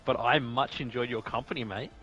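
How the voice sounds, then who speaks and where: A man's voice: medium pitch, fairly quick, sharp tone, soft background music. Australian male sim racing commentator, jokey banter, slightly lo-fi sound. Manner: laughing, bantering, reads off the grid. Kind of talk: casual live commentary.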